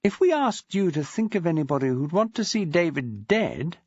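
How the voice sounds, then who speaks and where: A man voicing a tactful, measured woman detective in a storybook reading. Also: on the high side, very animated, a little mellow, slightly rough, dry recording, highs cut off, voice pushed up, heavily acted.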